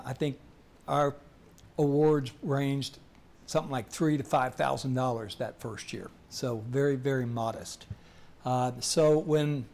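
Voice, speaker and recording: A man in his sixties speaking as an alumni guest, measured and reminiscing with some hesitant fillers. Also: medium pitch, darkish tone.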